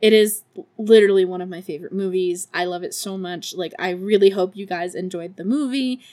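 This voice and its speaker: A woman's voice: fairly low pitch, a little fast, warm tone. A woman hosting a podcast, recapping a movie casually, laughing often and swearing freely. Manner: giggly, laughs often between sentences. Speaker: podcast host.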